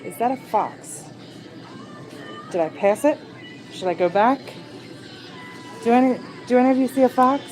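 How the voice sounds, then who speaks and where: A woman's voice: on the high side, lively intonation, moderate pace, pauses often, darkish tone, low-quality recording. Giggly woman livestreaming over music. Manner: chatty, giggly, greets viewers. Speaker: livestream host. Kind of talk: casual livestream chat. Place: shop at night. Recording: clear music behind.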